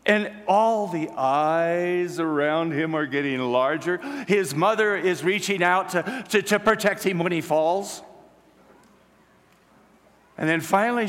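A man preaching a storytelling sermon, swinging between loud, excited passages and hushed, quiet ones. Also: high voice, slow pace. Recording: long hall reverb.

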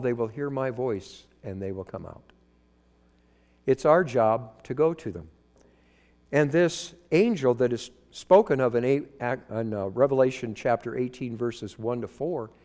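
A pastor preaches a sermon into a microphone, his high voice leaping up and down as he fires rhetorical questions at the congregation. The sound rings with a long hall reverb.

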